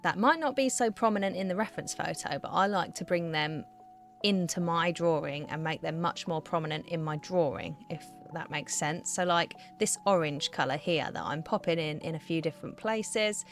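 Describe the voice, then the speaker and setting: A woman with a low voice talks through her art vlog in a relaxed, chatty voiceover. She giggles often and runs herself down. Faint music plays underneath her words. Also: normal speed. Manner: chatty, giggly, self-deprecating. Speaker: art vlogger. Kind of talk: casual voiceover narration. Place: home art studio.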